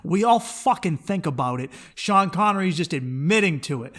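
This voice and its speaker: A man's slightly high, fairly bright voice carries an expressive solo comedic rant at a moderate pace. As sole host of a comedy podcast, he's profane, blunt, and opinionated, swearing frequently.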